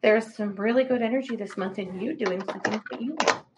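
A woman co-hosting a livestream, giving chatty, animated astrology readings and laughing often. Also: medium pitch, brisk, heavy background noise. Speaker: psychic reader, co-host.

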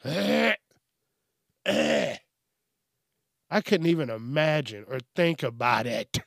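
A man's voice: a little high, very animated, takes it slowly, gravelly, a bit bright, dry recording, clean studio sound. A man casually riffing on news stories, laughing often, swearing, and rambling. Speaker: news commentary host. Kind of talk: casual comedic news commentary.

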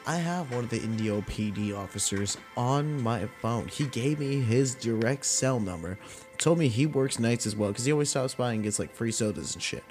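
Young man, mid-pitched, casual and foul-mouthed, tells stories with lots of energy. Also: moderate pace, faint music behind. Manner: profane, animated retelling with acted-out quotes. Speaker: podcast host. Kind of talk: casual storytelling rant.

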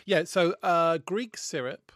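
A man's voice: a little high, slow, a bit bright, no room sound, studio quality. A man co-hosting a podcast in casual chat, camp and playful, often laughing. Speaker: podcast co-host.

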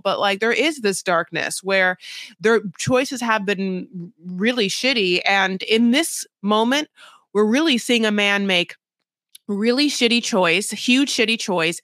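A woman's voice: medium pitch, fairly bright tone, no echo, studio quality. A woman co-hosting a podcast, recapping reality TV in a rambling, frank chat full of "like" and swearing. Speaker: podcast co-host.

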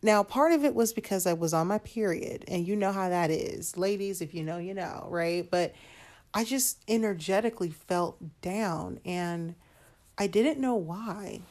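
A woman's voice: mid-range voice, measured pace, a little mellow. A young adult woman hosting a solo podcast, chatting candidly and calling her listeners "y'all" and "honey". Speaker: podcast host. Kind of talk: casual solo podcast talk.

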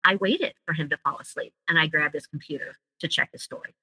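A woman's voice: sits low, a little fast, sharp tone, slightly rough, no echo, low-quality recording. A woman, a guest, earnestly telling a personal story in an interview.

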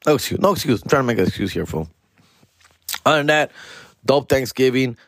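A man's voice: a little fast, dry recording, clean studio sound. A man, telling a casual, slang-heavy story as podcast host, dropping into Spanish and acting out relatives. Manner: slangy, peppered with "fool" and "dog", switches into Spanish; animated, acts out family members in higher voices. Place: home, alone in the house.

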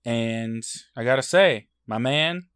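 Deadpan man podcast co-host. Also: medium pitch, takes it slowly, clear, resonant tone, no room sound. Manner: dry, deadpan joking. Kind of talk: casual chat.

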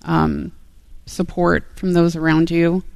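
A middle-aged woman guest on a talk show, speaking gently and hesitantly. Her voice is smooth and clear. The recording is close and dry. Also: fairly low pitch, level tone, slow, no echo. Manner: soft-spoken, hesitant, many ums and you-knows. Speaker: caller sharing debt-free story. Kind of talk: casual conversation on air.

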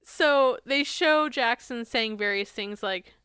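A woman with a bright, crisp and fairly high voice co-hosts a podcast recap. She talks chattily, swears freely and slips into little voices to act out what people said. The sound is dry and close. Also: slow pace, no room sound. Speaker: podcast co-host. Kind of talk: casual chat recapping a reality show.

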